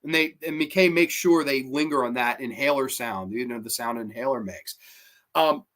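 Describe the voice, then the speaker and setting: A man's voice: mid-range voice, moderate pace, fairly bright tone. A man hosting a horror movie review show, talking through a film plot in a chatty, opinionated way, with lots of fillers and the odd swear word. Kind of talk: casual film review monologue.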